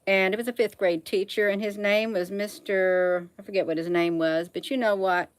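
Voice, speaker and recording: A woman's voice: medium pitch, fairly bright tone, rough recording. A middle-aged woman hosting a casual livestream, reading proverbs aloud and chatting folksily with viewers, calling them honey. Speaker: livestream host.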